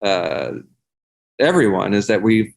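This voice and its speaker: Rambling, profane low-voiced man. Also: very animated, slow, gravelly. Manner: rambling, profane, heavy use of "like". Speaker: podcast guest, singer and life coach. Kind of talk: casual conversation.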